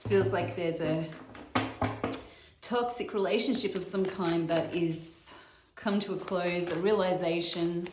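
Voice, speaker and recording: A woman's voice: lowish voice, fairly even intonation. Musing woman in an echoey room. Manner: slow, musing, thinking aloud with sighs and soft laughs. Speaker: tarot reader. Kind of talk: casual solo tarot reading. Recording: echoey room with clear background noise.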